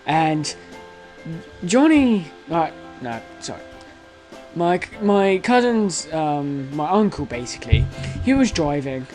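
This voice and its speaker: A young man in his late teens telling a story to camera in a rambling, excitable way, full of fillers, restarts and swearing. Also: a little high, slow, soft background music, poor audio. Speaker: vlogger.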